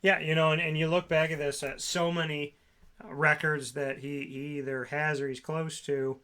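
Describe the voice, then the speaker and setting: A man's voice: on the high side, little pitch movement, normal speed, bright, forceful tone. A man co-hosting a sports talk show, reeling off stats and player names in long runs. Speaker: co-host.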